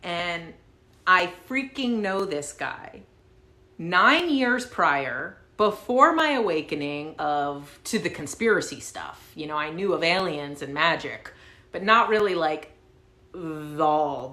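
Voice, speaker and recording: Woman vlogger, casual storytelling, lowish voice, roomy echo. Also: slow. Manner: animated, swears casually, fillers like "like". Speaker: channel host.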